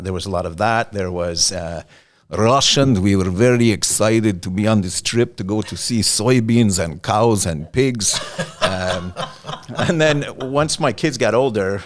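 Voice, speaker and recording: A man in his fifties with a very low voice talks as a podcast guest. He tells stories in a playful, joking way and slips easily into a mimic's tone. His delivery stays conversational and easy throughout. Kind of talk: conversational storytelling.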